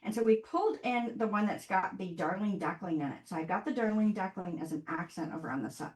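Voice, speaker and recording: A woman's voice: medium pitch, fast, a little mellow, reverberant. A woman hosting a live online craft workshop, talking to viewers in a chatty, upbeat way as she works. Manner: chatty, upbeat, talks to viewers while working.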